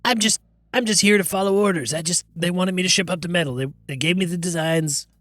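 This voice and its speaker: A man's voice: high-pitched, fast, fairly bright tone, no echo, studio quality. A man voicing a nervous, defensive male gang underling who stammers and rambles as he pleads.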